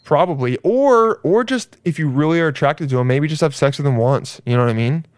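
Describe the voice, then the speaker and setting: Lively crude-joking young man. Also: a little high, brisk, no echo, clean studio sound. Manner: crude, joking, laughs often. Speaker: podcast host. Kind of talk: casual chat.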